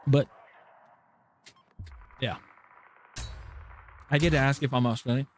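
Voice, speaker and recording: A man's voice: mid-range voice, fairly even intonation, takes it slowly, faint music behind. A man from California with a slight Southern twang, chatting casually on a live stream while he plays, telling rambling stories and cutting himself off mid-sentence. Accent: American with a slight Southern twang. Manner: rambling, self-interrupting storytelling.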